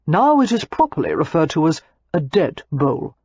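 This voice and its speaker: A woman's voice: sits low, sing-song, moderate pace, a little mellow, slightly rough, dry recording, lo-fi sound, full character voice. A woman narrator voicing a polite, easygoing English lord with a genteel manner.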